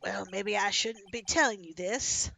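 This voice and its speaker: A woman's voice: medium pitch, unhurried, creaky, sharp tone, voice pushed down, heavily acted. A woman voicing a laid-back male cowboy security officer with a folksy Western drawl. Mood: weary. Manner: folksy Western drawl, calls people partner.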